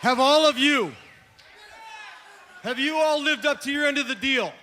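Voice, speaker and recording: Casting: male wrestler, loud scolding in-ring speech, very high pitched, faint crowd. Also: normal speed, background noise. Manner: commanding, scolding, emphatic. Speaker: wrestler cutting a promo. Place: arena ring.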